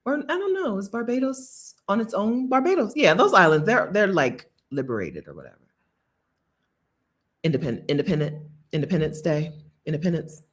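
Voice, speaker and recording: A woman's voice: mid-range voice, normal speed. Chatty, laughing American woman. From United States. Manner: chatty, laughing, animated storytelling. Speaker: travel vlogger. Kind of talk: casual chat to viewers. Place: Bogota.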